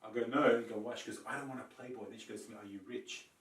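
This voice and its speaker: A man's voice: on the low side, very fast, a little hiss or hum. A man on a casual podcast who tells a story with lots of swearing and acts out what each person said. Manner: animated, swearing, acts out quoted lines. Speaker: podcast co-host. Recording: roomy, mic a bit distant.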